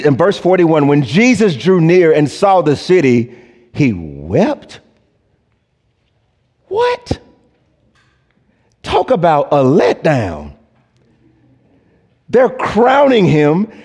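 A male pastor preaching a sermon, slow and deliberate, rising to emphatic peaks. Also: medium pitch, darkish tone. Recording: long church reverb.

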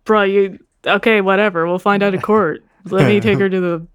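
A woman's voice: medium pitch, steady tone, moderate pace, clear, resonant tone. A woman hosting a podcast, reading a fan story aloud with playful, swearing asides.

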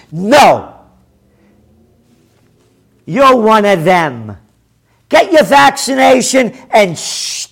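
A man hosting a forecasting show, delivering a combative, profane rant with loud bursts of shouting. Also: very high-pitched, gravelly. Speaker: host of a trend forecasting show. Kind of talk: ranting commentary.

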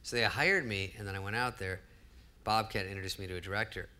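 A man's voice: lowish voice, quick pace, bright, forceful tone. A man in his fifties, a comedian telling wry, self-deprecating stories on stage before a live audience. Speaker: comedian guest. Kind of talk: storytelling on stage. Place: live audience event hall.

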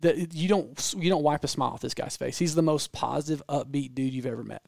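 A man with a Southern American accent telling stories in casual podcast chat, animated and rambling with frequent restarts. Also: a little high, brisk, vocal fry, dry recording, clean studio sound. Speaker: podcast guest storyteller.

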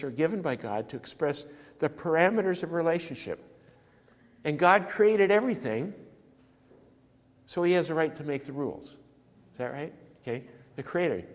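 A man delivering a sermon as a pastor, talking conversationally and putting rhetorical questions to the congregation. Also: on the high side. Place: church. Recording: church sanctuary with long reverb.

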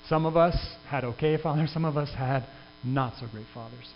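In a medium-pitched voice at normal speed, a male pastor gives a sermon that feels earnest and conversational, with many restarts. The sound is dull, with a lingering reverb and a slight hum.

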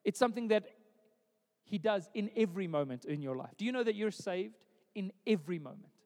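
A man's voice: sits high, animated, brisk, a little mellow, in a large hall. A pastor preaching a sermon in a conversational way, repeating words as he builds each point.

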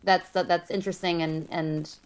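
Woman, young adult, podcast co-host, casual chat, slightly low voice, easygoing. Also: moderate pace. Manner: relaxed, agreeable, many fillers.

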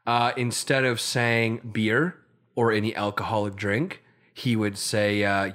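A man's voice: fairly low pitch, unhurried. A man co-hosting a casual comedy podcast from Canada, joking and acting out silly bits. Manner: animated, does silly voices for bits. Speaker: podcast co-host.

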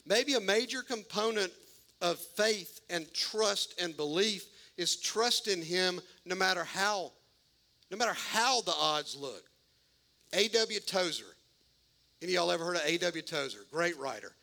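A man delivers a sermon in a folksy, animated way, slipping into the voices of the people in his story. His voice sits high and sounds bright and gravelly, with a bit of fry. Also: unhurried. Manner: animated, folksy, acts out voices of biblical figures. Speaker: pastor.

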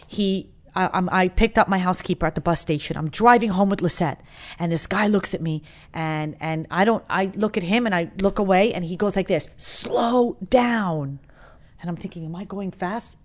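A woman's voice: lowish voice, fairly quick. A woman in casual chat, telling rambling, self-deprecating stories with lots of restarts.

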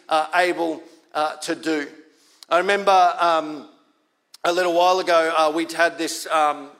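A man's voice: high voice, a bit bright. A man with an Australian accent preaching a sermon as pastor, in a conversational way, repeating key lines for emphasis.

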